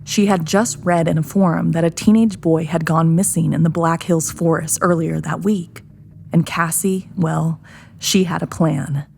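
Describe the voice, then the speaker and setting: A woman narrating a first-person horror story in a hushed, tense manner. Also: low-pitched, fairly even intonation, measured pace, vocal fry, a little hiss or hum. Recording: narration over soft music.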